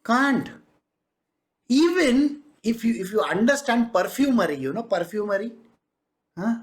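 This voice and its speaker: Spiritual teacher, Indian English accent, devotional discourse, animated, laughs often, Hindi asides, acts out quoted people, medium pitch. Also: unhurried.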